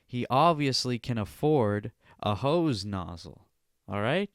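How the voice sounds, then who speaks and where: A man delivers a solo podcast rant in a smooth, clear voice, cursing freely and jabbing "all right?" into his points. The sound is close and dry, with no room around it. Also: mid-range voice, expressive, slow, dry recording. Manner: profane, indignant, ranting; repeats "all right?" as a verbal tic. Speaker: podcast host.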